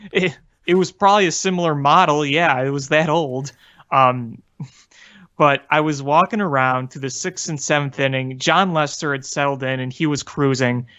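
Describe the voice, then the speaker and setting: Male podcast co-host, earnest, self-deprecating storyteller; somewhat high voice, muffled recording. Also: normal speed, fairly bright tone. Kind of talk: casual sports chat. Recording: dull lo-fi audio.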